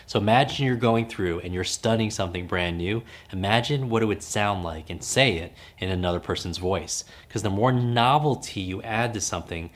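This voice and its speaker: A man's voice: lowish voice, a bit bright. A man hosting a podcast as a memory coach, teaching in an emphatic, coaching way and repeating key phrases for effect. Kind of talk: instructional podcast talk.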